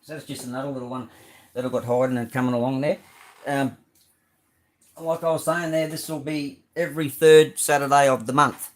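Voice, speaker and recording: A man's voice: mid-range voice, fairly even intonation, brisk. A middle-aged Australian man hosting a casual live stream, rambling through his model car builds with many ums and greeting viewers by name. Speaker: live stream host showing model cars.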